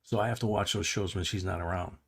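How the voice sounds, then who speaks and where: A man's voice: low voice, steady tone, fast talker, creaky, fairly bright tone, husky. An older man hosting a live stream, telling a rambling story in a casual way, chuckling and restarting his sentences. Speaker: host.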